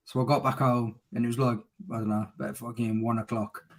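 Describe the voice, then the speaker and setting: A middle-aged man with an English accent chatting loudly over a video call, swearing and laughing as he tells stories. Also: medium pitch, little pitch movement, a little fast. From England. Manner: loud, swearing, laughing storyteller. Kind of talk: casual chat.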